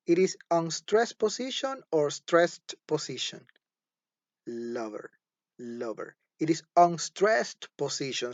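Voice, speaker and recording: A man teaching a recorded phonology lesson, speaking slowly and deliberately and repeating each example word several times. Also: a little high, no echo. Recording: dull, dry lo-fi recording.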